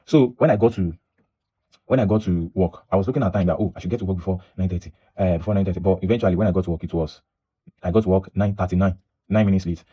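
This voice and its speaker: Fast-talking Nigerian man telling a story. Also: deep voice, warm tone, slightly rough. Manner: rambling, restarts and repeats himself, mixes in Pidgin. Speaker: vlogger. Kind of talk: casual storytelling monologue.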